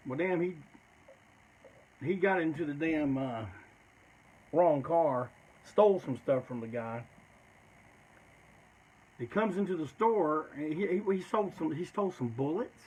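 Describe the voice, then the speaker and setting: A man's voice: fairly high pitch, animated, a little slow, pauses often, darkish tone, slightly rough, low-quality recording. A man telling stories in a loose, rambling, profane way, often tacking "man" onto his sentences. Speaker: storyteller. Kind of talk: casual storytelling.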